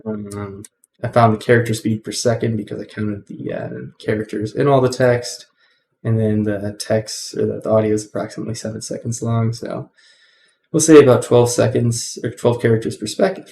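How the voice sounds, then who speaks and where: Man, gravelly voice, casual coding tutorial host, rambling and filler-heavy, faint background hiss. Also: fairly low pitch, steady tone, moderate pace, mellow. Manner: rambling, heavy with ums and self-corrections.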